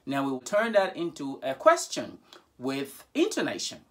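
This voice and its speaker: Male language teacher with a very lively, swooping voice; patient and repetitive with examples. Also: medium pitch, normal speed. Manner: repeats each example aloud, speaking questions with a sharply rising voice. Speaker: French teacher. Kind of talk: bilingual grammar lesson.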